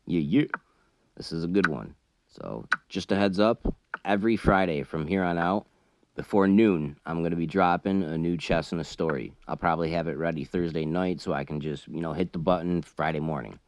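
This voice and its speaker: Very deep-voiced man telling a profane story. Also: fairly quick, dry recording. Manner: profane, animated storytelling that gets loud when worked up. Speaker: trucker and chess channel host. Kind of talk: casual storytelling over a chess game.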